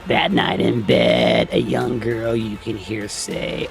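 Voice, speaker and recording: A man narrating a movie plot recap in a plain, steady storytelling manner. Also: on the low side, takes it slowly, creaky, music in the background.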